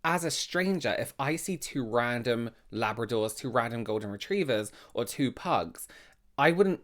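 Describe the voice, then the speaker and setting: A man hosting a reaction video, talking casually and with animated surprise straight to his viewers. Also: mid-range voice, moderate pace. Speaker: reaction channel host.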